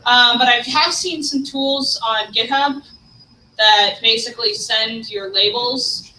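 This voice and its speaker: A woman with a bright, fairly high voice runs a classroom session and fields questions briskly. She sounds distant in an echoey room with faint background hum. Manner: brisk, friendly, answering questions. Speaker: study group instructor. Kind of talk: casual classroom talk. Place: evening classroom.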